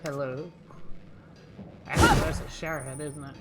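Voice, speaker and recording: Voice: medium pitch, steady tone, moderate pace, loud music behind the voice. A game streamer giving casual live commentary, wry and muttering reactions to the game. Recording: noisy stream audio.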